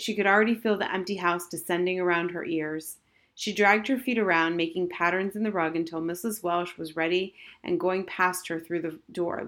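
A woman reads a children's novel aloud in steady scripted narration. Her voice sits a little low for a woman. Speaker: audiobook narrator.

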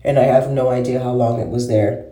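A woman's voice: very deep voice, steady tone, a little fast, warm tone. A woman vlogger in a casual monologue, ranting with heavy swearing and exasperation. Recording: roomy echo.

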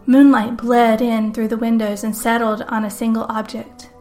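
A woman reading a murder story aloud in dramatic first-person narration, with a fairly high voice. Soft music runs under her. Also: level tone, normal speed. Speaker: podcast host and author.

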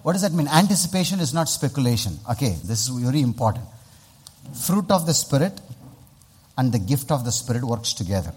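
A man's voice: medium pitch, brisk, breathy edge. A man preaching a sermon as pastor, asking the congregation questions and having them repeat after him. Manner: lively, call-and-response preaching with rhetorical questions.

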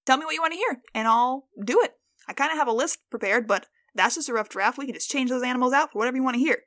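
A woman's voice: high-pitched, quick pace, a bit bright. A young American woman hosting a casual solo podcast, playful and self-mocking as she stumbles over words. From United States. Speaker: podcast host.

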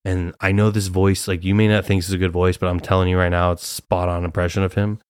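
Low-voiced man rambling through a story. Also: flat delivery, fast, darkish tone, clean tone, no room sound, clean studio sound. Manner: rambling, swears freely, laughs often. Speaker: podcast host. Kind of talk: casual solo storytelling.

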